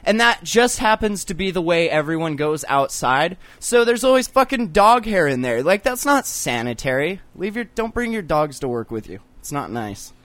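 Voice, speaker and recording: A young man hosting a casual online show, telling crude stories fast with plenty of swearing and laughter. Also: a little high, big pitch swings, a bit bright, dry recording. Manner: profane, joking, quick storytelling with laughs. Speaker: podcast host.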